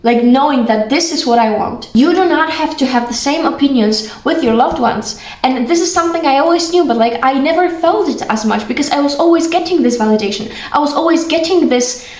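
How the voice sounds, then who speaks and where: A young woman, a vlogger talking casually and warmly to camera, full of "like" and pet names. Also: high-pitched, expressive, a little fast. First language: Polish. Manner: chatty, full of "like", affectionate. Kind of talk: casual heartfelt talk to camera. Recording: roomy echo.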